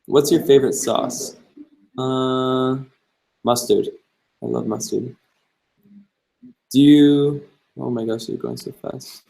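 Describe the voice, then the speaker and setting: A man's voice: medium pitch, steady tone, takes it slowly, gravelly, pauses often, warm tone, poor audio. A young man hosting a live-stream Q&A, answering viewer questions in an easygoing way and thinking aloud as he goes. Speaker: travel vlogger host.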